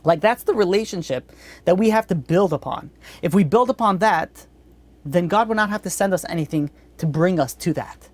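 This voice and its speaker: A man's voice: high voice, animated, moderate pace. A man speaking as a rabbi at an evening Torah class. He is blunt and earnest, and he often breaks off and restarts his sentences.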